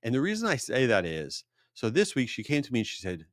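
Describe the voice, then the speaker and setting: A middle-aged man hosting his podcast, talking in a casual, animated storytelling way. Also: quick pace, no room sound, clean studio sound. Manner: animated storytelling, rising to exasperated high pitch. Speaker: podcast host. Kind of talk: casual solo podcast monologue.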